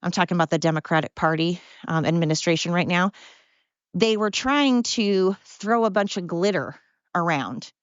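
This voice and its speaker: A woman hosting a podcast in a casual monologue, excited, brash and mocking, swearing freely. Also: mid-range voice, clear, resonant tone, no echo, muffled recording. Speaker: podcast host.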